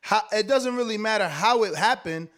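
A man's voice: high-pitched, normal speed, fairly bright tone. A man hosting a panel show who firmly steers the talk and calls the guests to order. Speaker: host and moderator. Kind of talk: moderating a casual panel.

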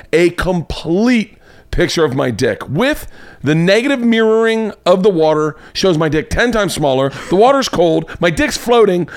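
A man hosting a comedy podcast, telling a story as a loose, swearing monologue whose voice jumps higher when he gets worked up. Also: dry recording. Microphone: podcast mic.

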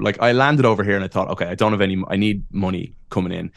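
A man in his thirties with an Irish accent, a podcast guest telling lively, self-deprecating stories and laughing often. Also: on the low side, fast talker, vocal fry, hardly any pauses, no room sound. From Ireland. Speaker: podcast guest, wrestling announcer. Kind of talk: casual interview storytelling.

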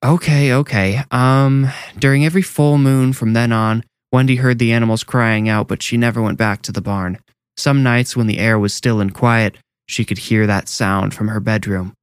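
A man voicing a tipsy middle-aged mother who tells a ghost story by the fire, brisk and a little impatient. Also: medium pitch, fairly even intonation, clear, resonant tone, no echo, natural voice. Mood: storytelling.

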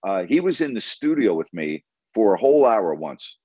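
Man, low voice, emphatic storyteller, dry and slightly dull recording. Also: big pitch swings, moderate pace, dark tone, slightly rough, no room sound. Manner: emphatic, retells conversations with repeated "I said". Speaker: former team broadcaster. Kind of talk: casual storytelling in an interview.

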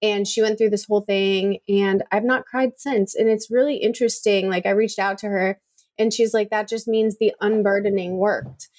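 A woman's voice: mid-range voice, fairly even intonation, moderate pace, a little mellow. A middle-aged woman co-hosting a podcast, talking in a chatty, emotional way with lots of fillers. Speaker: podcast co-host. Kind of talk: casual chat.

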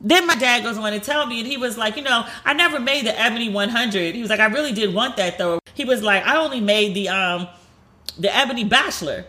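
A woman talking through a solo podcast with a bright, forceful voice. She is chatty and animated, curses freely, and goes higher when she acts out what others said. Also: brisk. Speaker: podcast host. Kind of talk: casual solo podcast storytelling.

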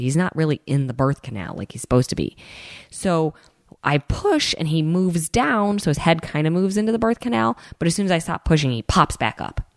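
Lady w a low voice chatting thru a personal story, acts out what people said, very dry sound. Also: no room sound. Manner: animated, acts out quoted people, addresses listeners directly. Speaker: host telling a personal story. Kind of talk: casual storytelling to viewers.

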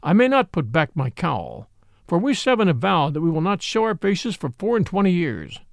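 A stern, proud king from a storybook reading, as a male narrator plays him, formal and commanding. His voice is gravelly and lively in pitch, recorded dry and close. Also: normal speed, dry recording, full character voice. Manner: stern, formal old-fashioned speech. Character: proud king in disguise, grown man, stern.

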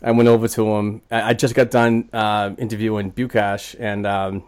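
A man with a slightly low voice hosts a sports podcast in easygoing conversation. He tells stories animatedly and leans on frequent verbal fillers. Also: flat delivery, moderate pace, clean tone. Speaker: podcast host. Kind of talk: casual chat.

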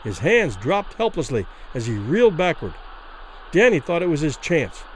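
A man's voice: on the high side, sing-song, normal speed, a little hiss or hum, poor audio. A man hosting a podcast gives a dramatic reading of a classic short story and acts out the quoted lines.

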